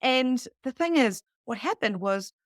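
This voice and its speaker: A New woman in her thirties telling a personal story to a live group, animated and casual, swearing freely. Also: fairly high pitch, unhurried, no echo, clean studio sound. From New Zealand. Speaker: psychic medium teaching beginners.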